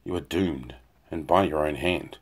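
A man reading the lines of a weary, proud male assassin hunter in a grim, measured way. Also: extremely low pitch, breathy edge, exaggerated voice. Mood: earnest. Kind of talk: audiobook dialogue reading.

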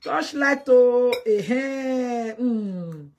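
A woman with a Nigerian accent delivering a mocking, scolding monologue to camera, slipping into Pidgin and breaking into loud exclamations. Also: mid-range voice, a little slow, slight background noise. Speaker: vlogger. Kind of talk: casual direct-to-camera monologue.

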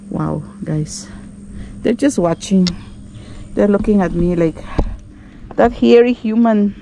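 A woman's voice: medium pitch, slow, vocal fry, long pauses, warm tone, slight background noise. A woman travel vlogger giving nervous running commentary to viewers outdoors on a ruin while climbing, recorded on an action camera, with many exclamations. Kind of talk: handheld travel vlog commentary.

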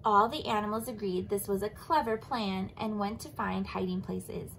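A woman teacher reading a picture book aloud to children and explaining it in a lively way. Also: medium pitch, moderate pace, gravelly, slight background noise, poor audio. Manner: animated, explaining to kids.

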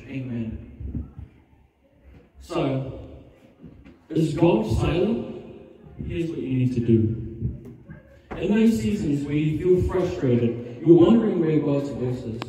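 A man preaching an evangelist's sermon with passion, building to a fervent altar call and prayer. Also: a little high. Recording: roomy hall reverb, distant mic. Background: music under the preaching.

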